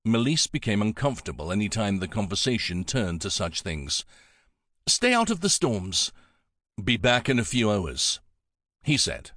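A man reading a romance fantasy audiobook in expressive, measured scripted narration. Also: fairly low pitch, no echo, clean studio sound.

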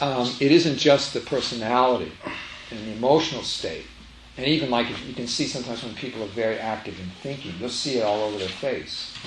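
A man's voice: lowish voice, a little hiss or hum. A man giving a spiritual teaching talk to a live audience, emphatic and repeating his phrases as he tells a story. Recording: roomy echo, faint ambience.

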